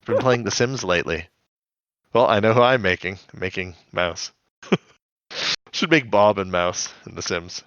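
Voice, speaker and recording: A man's voice: low-pitched, moderate pace, pauses often, fairly bright tone, no room sound. A man co-hosting a podcast in casual chat, rambling and giggly, with many restarts. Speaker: podcast co-host. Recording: dull lo-fi podcast audio.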